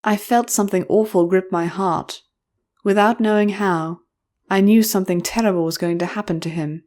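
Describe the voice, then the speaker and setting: A woman reading a first-person fantasy audiobook in a measured, expressive storytelling voice. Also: medium pitch. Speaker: audiobook narrator.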